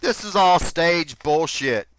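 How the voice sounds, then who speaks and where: A man's voice: fairly high pitch, animated, takes it slowly, fairly bright tone. A man giving critical commentary between clips, scornful and sarcastic.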